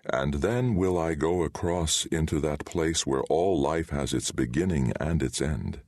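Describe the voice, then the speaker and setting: A man's voice: rumbling low, a little slow, darkish tone, heavily acted. A man voicing a weary male king who speaks in a formal, stately way. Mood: dazed, bewildered.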